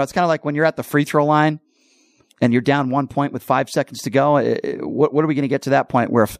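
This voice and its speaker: Male radio host, dry studio sound, forceful opinion monologue. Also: mid-range voice, no echo. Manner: emphatic, ranting, repeats points.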